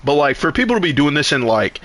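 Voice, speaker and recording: A male streamer with a voice on the high side talks fast as he tells a story casually. He's animated and rambling, swears a lot, and keeps restarting sentences.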